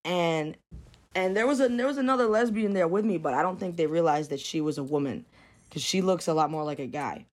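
A woman's voice: on the low side, brisk. Blunt, profane New woman. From New York. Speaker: guest. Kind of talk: casual storytelling interview.

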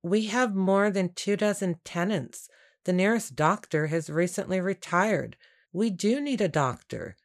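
A woman reading the part of a smug, jovial male landowner in a slow, self-assured audiobook voice. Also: medium pitch, lively intonation. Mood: genial. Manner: smooth, self-assured, dismissive. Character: scheming jovial male landowner, middle-aged.

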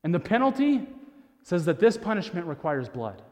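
A man preaching a sermon as pastor, earnest and often repeating words as he restarts, sometimes dropping to a soft hushed voice. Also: high-pitched, big pitch swings, moderate pace. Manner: drops to a soft, hushed voice for emphasis. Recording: long reverb of a large hall.

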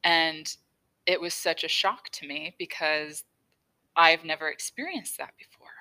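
A woman's voice: low-pitched, unhurried, pushed and bright, rough recording. A young woman hosting her own podcast, chatting casually and laughing often as she tells a story. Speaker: podcast host. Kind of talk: casual solo podcast talk.

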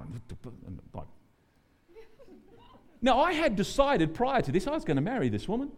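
A middle-aged Australian man preaching as a guest pastor, animated and joking, acting out the prayers and quotes he tells. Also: sits high, normal speed, pauses often. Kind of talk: sermon.

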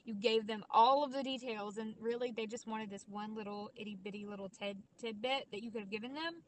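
A woman's voice: fairly high pitch, fairly quick, a little hiss or hum, poor audio. A woman hosting a podcast, talking casually to her listeners with lots of fillers and restarts. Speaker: podcast host.

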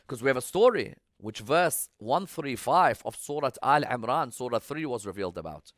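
Animated preacher man, dry close sound. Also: medium pitch, moderate pace, dry recording. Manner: swings between loud emphatic appeals and hushed storytelling. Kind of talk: religious sermon.

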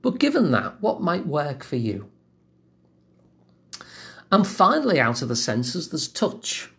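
A man giving a calm self-help lesson in a gentle, measured, reassuring way. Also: on the high side, vocal fry. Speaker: wellbeing teacher.

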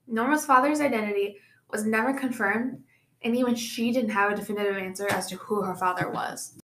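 A woman's voice: a little high, brisk, a bit bright. A young woman co-hosting a podcast, telling a true-crime case in a casual way with chatty asides. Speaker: podcast co-host presenting the case. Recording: echoey room.

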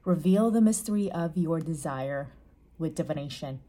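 A woman giving a casual tarot reading to camera, chatty and gentle, often restating her phrases. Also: sits low, lively intonation, normal speed. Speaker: psychic tarot reader.

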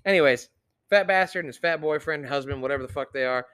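A young man hosting a casual podcast, swearing constantly and ranting with loud outbursts. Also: fairly high pitch, fast, smooth. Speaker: podcast host.

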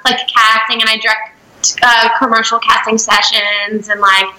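Bright high-pitched woman. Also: flat delivery, normal speed. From Canada. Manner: chatty, laughing, many fillers. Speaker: guest, actor and director. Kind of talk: casual podcast chat. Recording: echoey room.

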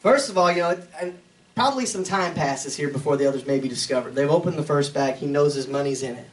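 A man's voice: on the high side, quick pace, far from the mic, poor audio. A man as a pastor, teaching a Bible passage verse by verse in a conversational way, with chuckling side remarks. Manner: conversational, chuckling asides between readings.

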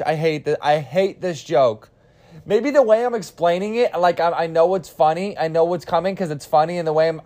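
A man's voice: fairly high pitch, darkish tone. A man in his twenties, tired and losing his voice, telling a joke in a rambling, self-deprecating podcast monologue with frequent restarts and casual swearing. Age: 20s. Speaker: podcast host.

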